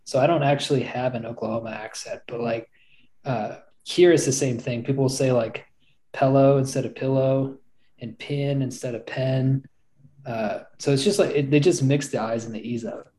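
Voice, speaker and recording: A man's voice: medium pitch, moderate pace, warm tone, poor audio. A man from Virginia with a slight Virginian accent, joking and rambling in a casual podcast chat. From Virginia, USA. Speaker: podcast co-host, author.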